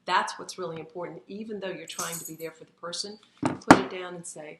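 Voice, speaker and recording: A woman's voice: lowish voice, fairly even intonation, brisk. A woman talking through parenting advice on a live stream in an earnest, chatty way, with many fillers. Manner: earnest, conversational, lots of fillers. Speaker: parenting educator. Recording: echoey room, faint background noise.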